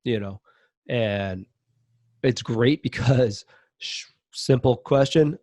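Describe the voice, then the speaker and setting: A man's voice: medium pitch, takes it slowly, long pauses, dark tone, no room sound. A man speaking as a podcast guest in a casual interview, earnest and reflective as he talks openly about his own life.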